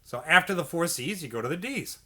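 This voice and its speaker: Male music teacher, encouraging and patient, bright tone, a bit high, demonstrates by singing note syllables. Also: lively intonation, fairly quick. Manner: patient, encouraging, repeats checks like okay and all right; sings syllables to demonstrate notes. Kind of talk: instructional video lesson.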